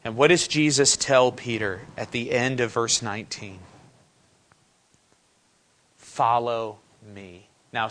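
A man preaching to his congregation in a conversational way. His voice sits at an ordinary middle pitch, and he keeps posing questions to his listeners before answering them himself. He slips into casual paraphrase to make his point. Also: a bit bright. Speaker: pastor. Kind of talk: sermon.

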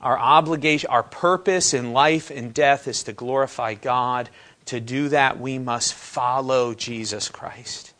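A man preaching to his congregation in a conversational way. His voice sits at an ordinary middle pitch, and he keeps posing questions to his listeners before answering them himself. He slips into casual paraphrase to make his point. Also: unhurried, a bit bright. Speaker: pastor. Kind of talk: sermon.

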